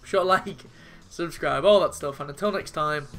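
A man's voice: on the high side, normal speed, a bit bright. A man talks over his own football video game as he plays. His commentary is emotional and full of swearing, and it spills into rants when things go wrong. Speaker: gaming YouTuber.

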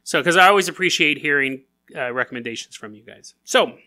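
A man's voice: a little high, expressive, fairly quick, sharp tone. A man hosting a podcast, telling stories in a casual, joking way, laughing often and acting out silly voices. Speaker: podcast host. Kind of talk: casual comedic storytelling.

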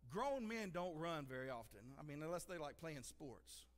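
Brief: male pastor, high-pitched, earnest conversational preaching, long church reverb. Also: very animated, normal speed. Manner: earnest, conversational, repeats "listen" for emphasis. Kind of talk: sermon. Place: church sanctuary.

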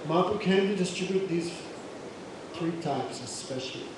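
A man's voice: high voice, normal speed, background noise. A man giving a devotional lecture, telling sacred stories and acting out the characters' voices. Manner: animated, acts out characters' voices. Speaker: spiritual teacher. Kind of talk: devotional lecture with acted storytelling. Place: lecture hall. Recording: echoey hall, far mic, crowd.

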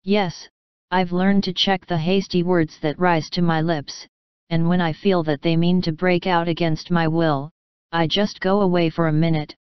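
A woman voicing a calm, tender middle-aged mother in a storybook reading, slightly dull lo-fi audio. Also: lowish voice, moderate pace, smooth, no echo, lightly acted. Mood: gentle.

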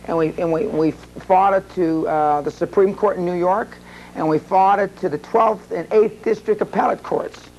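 A man's voice: high voice, moderate pace, darkish tone, lo-fi sound, a little hiss or hum. A man speaking at a seminar, telling a long rambling story to a live audience with many restarts and fillers. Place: seminar room.

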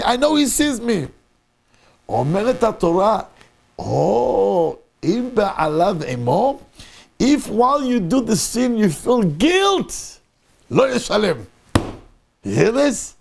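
Animated high-voiced gravelly rabbi. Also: male voice. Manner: animated, mixes Hebrew and Yiddish terms into English, asks the audience questions. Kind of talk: Torah class sermon. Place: synagogue.

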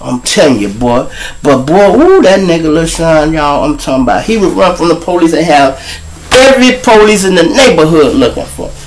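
A man with a Chicago accent hosting his own show. He tells stories in a profane, animated way and talks straight to his viewers. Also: on the high side, normal speed, low-quality recording. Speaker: show host. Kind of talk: storytelling monologue.

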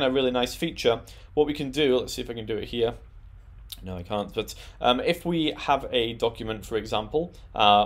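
A man presenting a tech tutorial, talking through settings in a relaxed, explanatory way with frequent "um" and "uh". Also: fairly low pitch. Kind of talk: screen-recorded software walkthrough.

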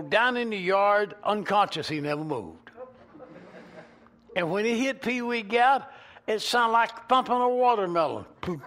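A man with a Georgia Southern accent, preaching a sermon as a pastor and telling folksy stories with animated swings in volume. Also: high voice. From Georgia, USA. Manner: animated, folksy, swings between loud and soft.

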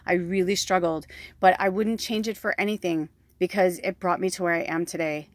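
A woman's voice: lowish voice, brisk, no echo. A woman in her thirties, a spiritual medium giving a casual, frank reading, swearing freely and telling her own stories with lots of fillers. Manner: frank, profane, animated storytelling.

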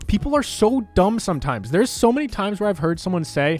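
A man hosting a casual movie review, ranting in an animated, exasperated way and swearing freely. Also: high-pitched, quick pace, few pauses, faint music behind. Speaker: movie reviewer, channel host.

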